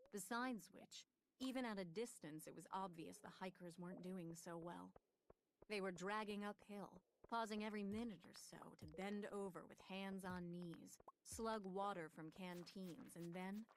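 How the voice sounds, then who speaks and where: A woman narrating an audiobook in a measured, even reading voice. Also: fairly low pitch, slight background noise.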